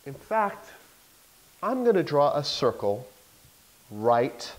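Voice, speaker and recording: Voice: mid-range voice, very animated, slow pace, low-quality recording. A teacher giving a classroom lesson, coaxing the students with question after question.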